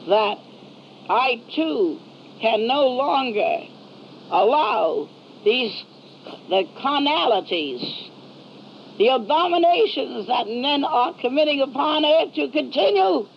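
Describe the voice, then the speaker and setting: A woman voicing an angry divine male figure who pronounces judgment in a raised, slow, declamatory voice. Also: high voice, expressive, creaky, slight background noise, exaggerated voice. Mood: stern, grieved. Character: wrathful divine man, thundering judgment. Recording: dull lo-fi old recording.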